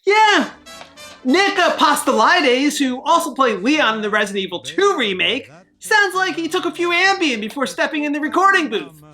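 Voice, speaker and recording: A woman's voice: sits high, big pitch swings, a little fast, pushed and bright, faint music behind. A woman hosting a scripted video game review, wry and sarcastic in her jokes.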